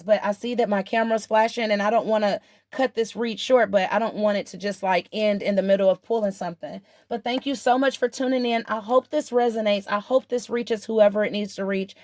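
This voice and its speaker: A woman giving a casual tarot reading to her camera, excited and animated, talking fast in bursts. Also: on the high side, dry recording, studio quality. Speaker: tarot reader.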